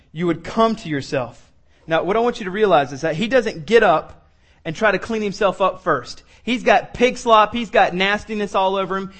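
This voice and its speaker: A high-pitched man delivers a sermon. He talks through a homely family story in an earnest, conversational way, then builds into emphatic, pleading calls to his listeners. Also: fairly bright tone. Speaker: pastor.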